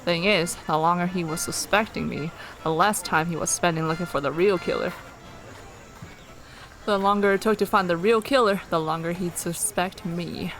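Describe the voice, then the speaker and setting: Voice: medium pitch, fairly even intonation, moderate pace, a bit bright, soft background music. A streamer reading a western story game aloud, with playful asides.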